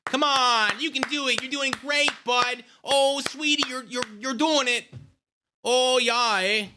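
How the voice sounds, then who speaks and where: Doting midwestern mom cheering her kid on, way up high and gushy, a guy faking it. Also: fairly even intonation, unhurried, heavy background noise. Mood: gushing. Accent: northern Midwestern. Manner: gushing, high and sing-song. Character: cheering mother, middle-aged woman, doting.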